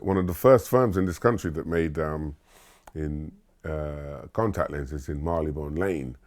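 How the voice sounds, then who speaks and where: A man from Barbados, a musician, recalling his youth in a relaxed, rambling way with lots of fillers and chuckles. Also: a bass voice. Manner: laid-back storytelling with filler words and chuckles. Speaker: musician interviewee. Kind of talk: relaxed reminiscing monologue.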